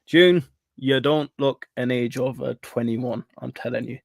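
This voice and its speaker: A man's voice: medium pitch, fairly even intonation, a little slow, creaky, no echo, clean studio sound. A man hosting a casual online audio chat, friendly as he reads out the chat. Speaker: host. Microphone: online audio call.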